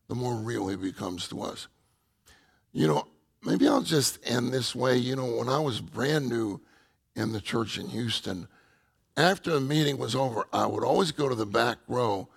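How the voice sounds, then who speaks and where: A man's voice: medium pitch, gravelly, a bit bright, husky. A man ministering at a church meeting, answering questions and telling personal stories in a reflective, conversational way with many fillers. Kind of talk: informal sermon with personal stories.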